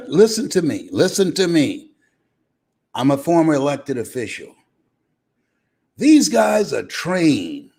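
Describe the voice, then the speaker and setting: A man's voice: on the high side, a little mellow, slightly rough. An older man giving a live motivational speech, emphatic and preacher-like, repeating phrases and breaking into hearty laughs. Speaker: motivational speaker.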